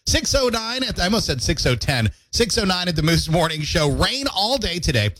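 A man hosting a morning radio show, chatty and jokey, his throat squeaky from allergies. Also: sing-song, fairly quick, a bit bright, a little hiss or hum. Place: radio studio.

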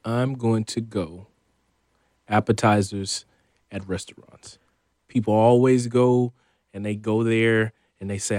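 A man who works as a sports reporter, guesting on a radio show and chatting in a relaxed way, thinking out loud. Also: on the low side, takes it slowly, pauses often, dry recording, clean studio sound. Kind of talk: casual chat.

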